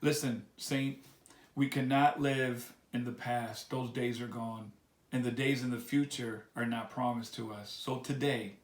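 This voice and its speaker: A man preaching a sermon reflection, earnestly urging his listeners, repeating key phrases and slowing down on the words he stresses. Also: medium pitch, echoey room. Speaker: pastor.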